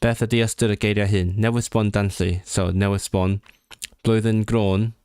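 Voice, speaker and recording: A man learning a language, reading exam text aloud and thinking through answers, halting and correcting himself as he goes. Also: fairly low pitch, level tone, darkish tone, smooth, no room sound, clean studio sound. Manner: halting and self-correcting, sounding out words, bursts of surprised laughter. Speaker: language learner streaming his study.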